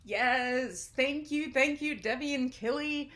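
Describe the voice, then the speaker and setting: A woman's voice: high voice, slow pace, a bit bright. A woman host giving a casual, chatty sign-off and thanking her guests.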